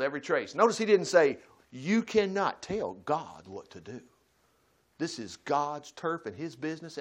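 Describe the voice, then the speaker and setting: Folksy high-voiced preacher. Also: male voice. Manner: folksy, swings from loud bursts to quiet asides. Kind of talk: sermon.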